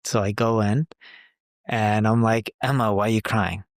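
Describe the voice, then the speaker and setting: A man's voice: lowish voice, steady tone, normal speed, no echo, clean studio sound. A man in his forties co-hosting a podcast, telling a personal story in casual, conversational chat and quoting the people he talks about. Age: 40s. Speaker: podcast co-host.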